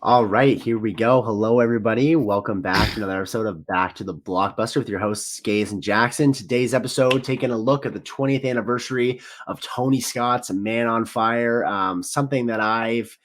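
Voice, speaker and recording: A man's voice: medium pitch, steady tone, fairly quick, hardly any pauses. A man hosting a casual movie podcast, upbeat and friendly, with some fillers. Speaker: podcast host.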